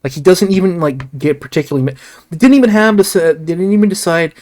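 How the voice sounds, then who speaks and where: A man's voice: high voice, lively intonation, quick pace, darkish tone. Rambling, profane male film reviewer. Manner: rambling, profane, frequent restarts and asides. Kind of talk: casual solo review ramble.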